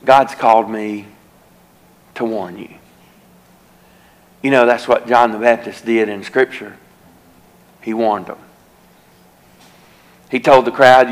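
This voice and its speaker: A man's voice: lowish voice, steady tone, slow pace, long pauses, rough recording. A male evangelist, preaching a revival sermon in a church and telling a folksy story that grows into an earnest warning. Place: church sanctuary.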